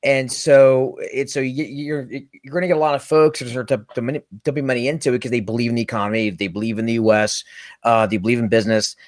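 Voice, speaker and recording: A man's voice: medium pitch, fairly even intonation, fast talker, no room sound, studio quality. A man co-hosting a casual recruiting talk show, rambling and self-deprecating, often repeating his words. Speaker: podcast co-host, recruiter. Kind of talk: casual chat.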